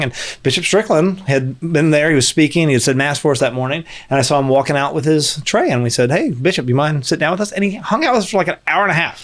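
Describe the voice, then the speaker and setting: A man hosting a podcast, chatting casually and slipping in deadpan jokes and fake ads. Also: fairly high pitch. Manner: joking, teasing banter with deadpan fake ads. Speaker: podcast host. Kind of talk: casual chat.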